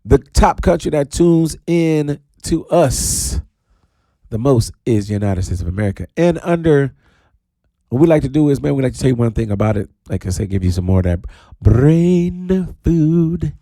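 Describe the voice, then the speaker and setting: A man hosting his own radio talk show, talking in a playful, animated way with sudden high drawn-out calls. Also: vocal fry, no room sound, clean studio sound. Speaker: radio DJ host. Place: radio studio.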